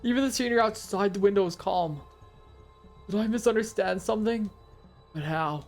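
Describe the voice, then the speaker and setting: A woman's voice: medium pitch, moderate pace, creaky, a little mellow, soft background music. A young woman streaming a game, reading narration aloud and chatting to her viewers in a frustrated, offhand way. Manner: frustrated, talks to chat.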